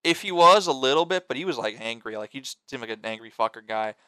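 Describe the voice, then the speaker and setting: A man's voice: mid-range voice, lively intonation, quick pace, bright, forceful tone, clean tone, dry recording. A young man telling stories in casual chat with friends, rambling and swearing, full of fillers and restarts. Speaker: storyteller among friends.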